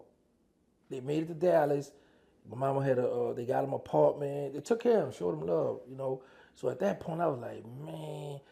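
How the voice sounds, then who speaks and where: A man with a gravelly, rough-edged voice recounts his years inside in a loose, conversational way. He acts out old phone calls as back-and-forth dialogue, switching voices as he tells them. His pitch sits in an ordinary middle range. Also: warm tone. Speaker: former prisoner telling his story. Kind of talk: casual storytelling.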